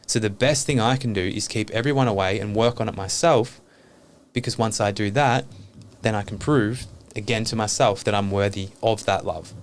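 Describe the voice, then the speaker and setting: Low-voiced man sharing earnestly. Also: moderate pace, slight background noise. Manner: earnest, open, swears casually. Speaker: podcast guest. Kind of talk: reflective podcast conversation.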